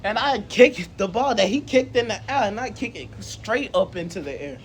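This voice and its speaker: A man's voice: sits high, very animated, moderate pace, slight background noise. A man casually improvising a story in slangy speech. He acts out the quoted lines and laughs often. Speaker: co-host telling a fan story.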